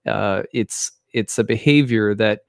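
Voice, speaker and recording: A man's voice: fairly low pitch, measured pace, gravelly, no room sound, studio quality. A man in his thirties, an astrologer, giving a thoughtful personal talk with frequent restarts and small laughs. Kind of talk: reflective personal monologue.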